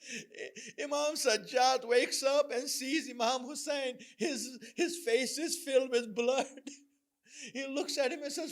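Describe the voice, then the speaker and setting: A man's voice: very high voice, unhurried, fairly bright tone. A man giving an emotional mourning sermon at a mosque gathering, reciting a prayer and then translating it, and telling the story with rising passion as his voice breaks into sobs. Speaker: Muharram majlis speaker.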